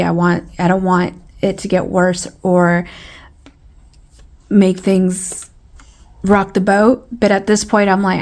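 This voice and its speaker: A woman with a twang chats casually to her viewers. Her voice sits in a middle pitch. She rambles, restarts and repeats phrases, and she sounds exasperated. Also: darkish tone. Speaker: vlogger. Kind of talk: casual storytelling to camera.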